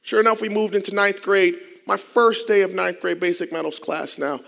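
A man with a high, bright, forceful voice gives a dramatic storytelling speech from a stage. He drops to hushed asides and then builds to loud, intense passages. The sound carries the long reverb of a large hall. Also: fairly even intonation, moderate pace, gravelly. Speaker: speaker telling his life story.

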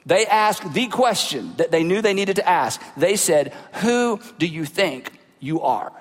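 A man delivers a sermon in an animated preaching style, putting rhetorical questions to his listeners. His voice sits high for a man. The sound carries a long hall reverb, as in a large church. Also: measured pace. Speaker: pastor.

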